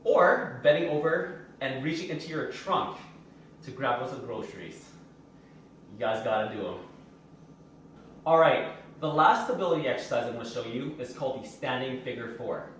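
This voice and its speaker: In a gym, a fitness trainer talks through every exercise in instructive steps while performing it himself. He has a mid-range, slightly bright voice, and the recording picks up slight background noise and a very echoey room from a distance.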